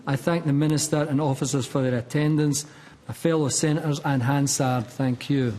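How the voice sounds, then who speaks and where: A man's voice: on the high side, fairly even intonation, normal speed, mellow. A man chairing a committee, closing the hearing with formal procedural notices. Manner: formal, orderly.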